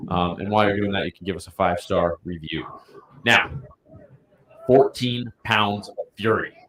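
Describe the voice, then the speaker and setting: A man with a low voice co-hosts a casual podcast about bowling. He talks in a loose, rambling way, full of fillers, and laughs often. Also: moderate pace, fairly bright tone. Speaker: podcast co-host.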